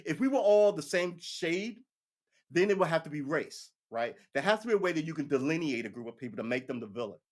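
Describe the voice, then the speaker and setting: His voice is a little high and animated, and he talks fairly quickly. As a live-stream political commentator, he gives a casual, meandering, foul-mouthed monologue on current events, mimicking others in mocking voices.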